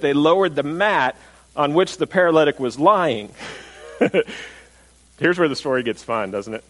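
A man preaching a sermon, lively and animated, asking the listeners rhetorical questions and repeating his words. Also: on the high side, poor audio. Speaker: pastor.

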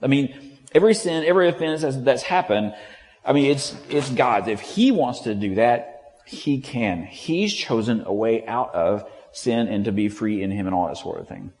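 A man's voice: mid-range voice, lively intonation, moderate pace, a little mellow. Male pastor, conversational sermon, voices the characters he quotes, reverberant church sound. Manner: conversational, acts out quotes with shifting tone. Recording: long hall reverb.

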